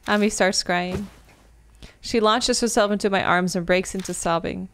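Woman reading a visual novel aloud, excitable. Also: medium pitch, normal speed, smooth. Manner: animated, bursts into loud exclamations and swearing. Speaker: gaming video creator.

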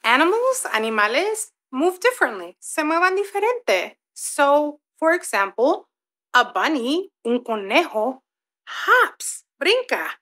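A young woman teaching toddlers, slowly sounding out letters and words in a bilingual lesson. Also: sits high. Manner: slow, sounds out letters, animated. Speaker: children's teacher.

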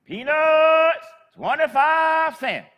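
A man voicing a tiny hunched old woman who sells peanuts on the street, calling out loud and slow. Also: very high voice, expressive, pitched above the performer's own voice, exaggerated voice. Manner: calls out loud and drawn out.

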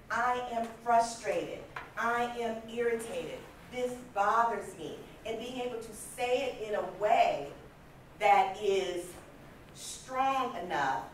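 A woman in her fifties giving a motivational talk at a conference, telling stories in a lively way and acting out the voices she quotes. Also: a little high, a little hiss or hum. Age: 50s. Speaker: conference speaker. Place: large conference hall. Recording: echoey hall from far off.

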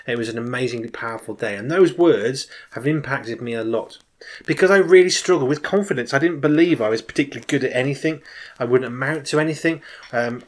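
A man in his forties speaks as a children's minister and shares a personal story in a chatty sermon. His voice sits at a middle pitch. He tells it with energy, pushing some words out loudly and dropping others quiet. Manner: enthusiastic storyteller with emphatic swings in loudness; informal, chatty and animated.

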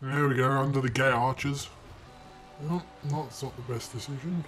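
A man's voice: mid-range voice, steady tone, moderate pace, fairly bright tone, soft background music. A young man commenting on his own gameplay footage, exasperated and swearing constantly as he hurls insults at himself. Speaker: gaming video creator.

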